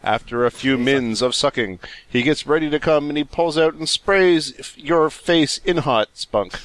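A man's voice: on the high side, fairly bright tone, no echo. A man on a comedy podcast reading amateur fiction aloud, stopping to laugh at its typos. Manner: reads haltingly, stopping to mock typos.

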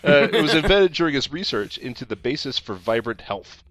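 A man's voice: medium pitch, big pitch swings, brisk, fairly bright tone. A man on a comedy podcast reading product copy aloud, stumbling and laughing as he goes.

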